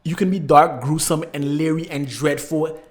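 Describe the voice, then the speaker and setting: A man with a noticeably high voice hosts an online movie review. He rants with exasperation and sarcasm, swinging between loud outbursts and low muttered asides. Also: steady tone, normal speed. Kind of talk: ranting film review.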